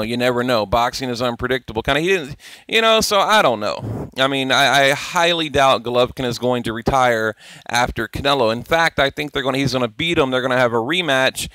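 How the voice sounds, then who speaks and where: A man's voice: medium pitch, pushed and bright, clear, resonant tone, dry recording. Profane, rambling male boxing commentator. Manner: rambling, profane, opinionated, self-interrupting. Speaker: boxing channel host. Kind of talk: casual commentary over on-screen clips.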